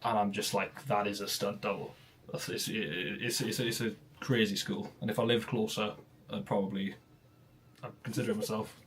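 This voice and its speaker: A man's voice: on the low side, fairly even intonation, normal speed, a bit bright, a little hiss or hum. A young man in his twenties hosting a casual podcast chat, rambling with many restarts.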